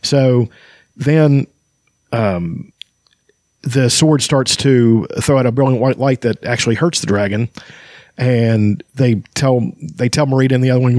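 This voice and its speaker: A man reads passages from a fantasy novel and breaks off to chat about them in a casual, halting way. His voice sits at a middling pitch, and the sound is close and dry with no room around it. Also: darkish tone, dry recording. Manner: hesitant, many fillers and restarts. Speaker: book reader and commentator. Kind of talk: casual reading with commentary.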